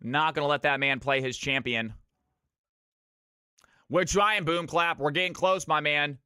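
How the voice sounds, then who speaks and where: A man shoutcasting a live esports match as host, hyping up the game and greeting viewers in chat by name. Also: on the high side, unhurried, clear, resonant tone, no room sound, clean studio sound. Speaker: streamer and shoutcaster.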